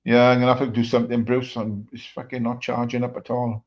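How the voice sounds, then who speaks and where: A man's voice: medium pitch, little pitch movement, quick pace. A man hosting a live stream, chatting casually and swearing, talking straight to his viewers. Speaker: stream host.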